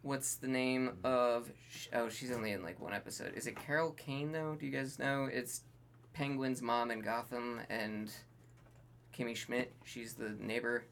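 A gravelly, mid-pitched voice with faint background noise, chatting casually on a podcast. The talk comes joking and hesitant, full of fillers. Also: steady tone, moderate pace, fairly bright tone. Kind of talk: casual chat.

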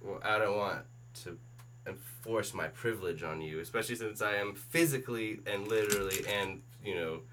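A man's voice: fairly low pitch, normal speed, a bit bright, slight background noise. A man co-hosting a casual podcast, teasing the others with joking banter and moving the show along. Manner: joking, teasing, leads the segments. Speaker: podcast co-host.

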